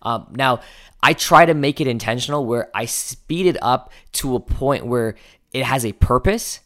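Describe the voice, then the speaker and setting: A man's voice: mid-range voice, fairly bright tone. A man hosting a coaching podcast, giving an instructional talk that shifts pace and stresses key words, sometimes counting items aloud to himself.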